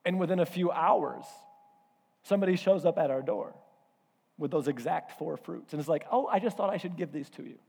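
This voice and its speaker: A male pastor preaching a sermon, telling a personal story in an animated way and acting out voices and asides. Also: a little high, brisk, vocal fry, slightly rough. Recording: hall reverb.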